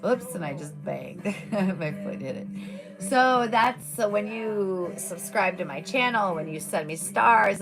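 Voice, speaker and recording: Chatty woman with a gravelly voice. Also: medium pitch, a bit bright. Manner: rambling, chatty, frequent fillers. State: scratchy throat. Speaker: live streamer. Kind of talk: casual live-stream chat. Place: at home at a table. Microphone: device mic without boom arm.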